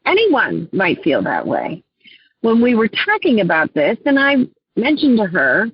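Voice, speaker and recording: A woman life coach, a guest on an interview show, telling her clients' stories in an earnest, heartfelt way and often clearing her throat. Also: mid-range voice, wildly swooping pitch, unhurried, no echo, lo-fi sound.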